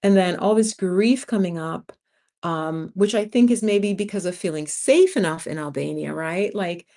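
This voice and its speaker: A woman chats loosely on her own livestream and keeps wandering off track as she tells a story. Her voice sits a touch low, and she sounds tired after a sleepless night. She laughs easily and slips into the voices of the people she quotes. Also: expressive, moderate pace, mellow. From United States. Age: 50s. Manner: rambling storyteller, chatty, laughs often, acts out quotes. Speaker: channel host. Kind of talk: casual livestream chat.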